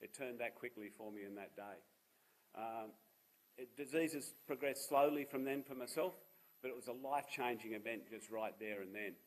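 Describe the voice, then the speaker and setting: Heard over a rough recording, this medium-pitched Australian speaker in his fifties talks at a normal speed. He's the founder of a charity giving a seminar, and he recounts his own experiences with a humorous, self-deprecating touch.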